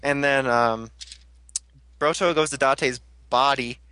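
A young man hosting a casual podcast, recapping an episode with jokes and quick character impressions. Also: mid-range voice, fairly even intonation, bright, forceful tone, clean tone, no room sound. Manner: jokey, quick voice impressions of characters, laughs a lot. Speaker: podcast host recapping a show.

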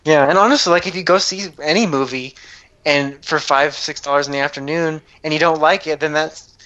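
A man co-hosting a relaxed podcast, talking in a loose, filler-heavy way. He agrees readily and slips in playful pop-culture references. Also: fairly high pitch, a little fast, highs cut off. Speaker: podcast co-host. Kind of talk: casual chat about a movie.

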